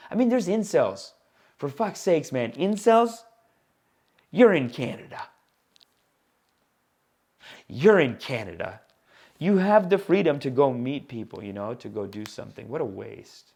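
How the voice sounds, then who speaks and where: A man hosting his own podcast as a comedian, rambling in a casual, animated monologue aimed straight at his listeners. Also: fairly high pitch.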